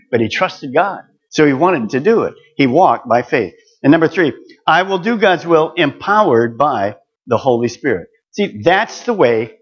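Older male pastor, sermon delivery, earnest, a touch high-pitched, muffled lo-fi sound. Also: slightly rough. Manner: earnest, rising to emphatic exhortation. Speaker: preacher.

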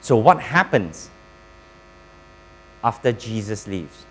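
Slow, deliberate male preacher. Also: lowish voice, big pitch swings, fairly bright tone, slight background noise, poor audio. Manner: preaching with pauses, quizzing the congregation. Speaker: pastor. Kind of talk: sermon.

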